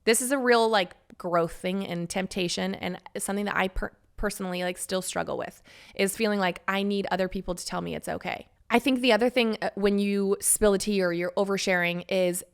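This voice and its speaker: A woman's voice: medium pitch, brisk, creaky, smooth. A woman in her thirties hosting a solo podcast, talking candidly and casually with the odd swear word. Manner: candid, chatty, swears casually, acts out quoted friends. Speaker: podcast host.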